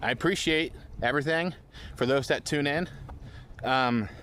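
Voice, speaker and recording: A man's voice: mid-range voice, moderate pace, pushed and bright, a little hiss or hum. A breathless man vlogging up a steep hill. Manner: rambling, self-deprecating, trailing restarts. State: out of breath from climbing. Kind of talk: casual outdoor vlog narration. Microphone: handheld phone.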